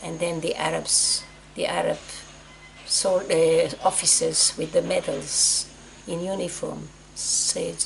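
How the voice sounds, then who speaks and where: A woman's voice: on the low side, fairly even intonation, takes it slowly, gravelly, a little hiss or hum. A woman in her eighties from Egypt telling her personal story in an emotional, repetitive way. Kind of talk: personal testimony.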